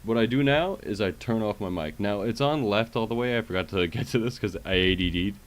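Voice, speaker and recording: A man's voice: fairly low pitch, fairly quick. A man streaming live from his computer setup, walking viewers through fixing his microphone in a chatty, casual way that is full of fillers and check-ins with the audience. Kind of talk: casual livestream tech walkthrough. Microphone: USB microphone with headset monitoring.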